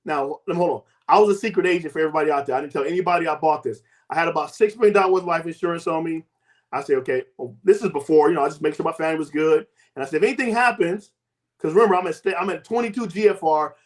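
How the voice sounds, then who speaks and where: Man in his 50s, high voice, guest telling a story with animated voices for the people in it. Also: racing. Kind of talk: personal testimony.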